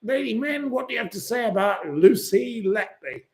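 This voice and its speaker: A man's voice: extremely high pitch, animated, normal speed, creaky. A man hosting a livestream, reading viewer comments aloud and ranting and swearing at commenters. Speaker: channel host.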